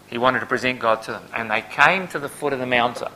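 Forceful, emphatic male preacher. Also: quick pace, a little hiss or hum, rough recording. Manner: builds to loud emphatic peaks, then drops low. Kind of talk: expository Bible sermon.

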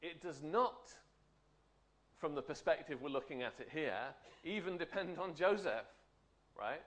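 A man's voice: a little high, lively intonation, a little slow, a bit bright. Man teaching, chatty with tag questions. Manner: conversational, frequent tag questions. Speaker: Bible teacher. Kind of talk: Bible study teaching.

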